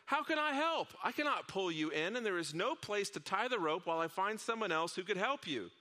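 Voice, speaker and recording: A man voicing a desperate male traveler on a bridge, shouting in frustration while telling a fable in a sermon. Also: sits high, lively intonation, a little fast. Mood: frustrated shouting. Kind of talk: storytelling in a sermon.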